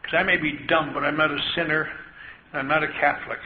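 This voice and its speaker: An older man with a slightly high voice tells stories to an audience in a large meeting hall as an AA speaker, talking quickly with little pitch movement. He's wry and self-mocking, acting out the voices of the people in his tales. The live tape is dull and lo-fi, with hiss.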